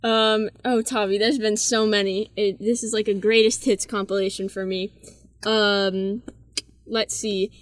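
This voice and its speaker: A woman's voice: medium pitch, flat delivery, unhurried, no echo. A laid-back young woman tells embarrassing stories in a loose, easy way. She is recorded close to the mic in a dry room. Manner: laid-back, says "bro" and "like" a lot. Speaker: interviewee. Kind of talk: casual storytelling.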